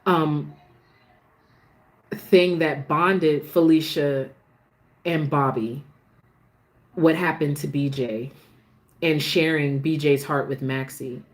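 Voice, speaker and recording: A woman hosting a casual soap opera recap, chatting warmly and restarting her sentences as she gets emotional about the show. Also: low voice, steady tone, slow pace, pauses often. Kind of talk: casual chat.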